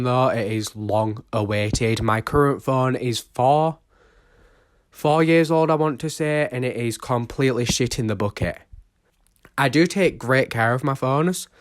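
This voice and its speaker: A man's voice: medium pitch, a little slow. A young man chatting casually to camera as a vlogger, rambling and self-mocking, recorded on an old smartphone used as a microphone.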